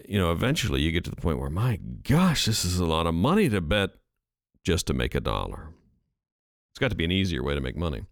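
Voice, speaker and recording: A lively man riffs on his own, his pitch bouncing up and down as he thinks aloud. He sits close to a studio mic in a dead, dry room. His tone is casual and chatty, and he rambles a little. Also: brisk, creaky, dry recording. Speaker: podcast host. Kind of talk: casual solo commentary. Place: home recording studio. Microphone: studio microphone.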